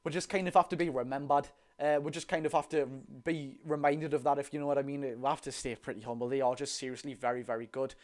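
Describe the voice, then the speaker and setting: A young man with a Geordie accent doing a live watch-along of a football match, chatty and excitable, talking to his viewers. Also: mid-range voice, fast, hardly any pauses. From North East England. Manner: excitable, chatty, talks to the chat and the lads. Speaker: football fan streamer.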